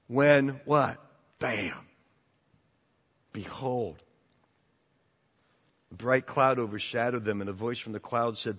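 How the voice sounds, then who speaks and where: A man's voice: medium pitch, a little slow, pauses often, slightly rough. Man preaching in a reverberant church. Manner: animated, repeats words, rises to emphatic peaks. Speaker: pastor. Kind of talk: sermon. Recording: dull sound with long church reverb.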